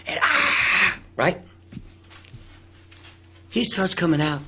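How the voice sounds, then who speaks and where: An older man, a musician appearing as a radio guest, telling stories in an animated, emphatic way. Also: a little high, slow, pauses often, breathy edge. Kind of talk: casual radio interview storytelling.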